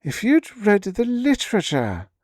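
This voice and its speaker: A man's voice: high voice, wildly swooping pitch, moderate pace, no echo, clean studio sound, pitched above the performer's own voice. A man voicing an exasperated young female receptionist in a read-aloud story, speaking snappishly. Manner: snappish, then briefly gentle.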